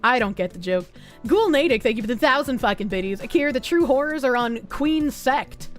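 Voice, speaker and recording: A woman's voice: sits high, expressive, faint music behind. A woman from Boston with a Boston accent, streaming and chatting casually with viewers in a loose, profane way. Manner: loose, profane, quick to laugh. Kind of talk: casual chat reading viewer comments.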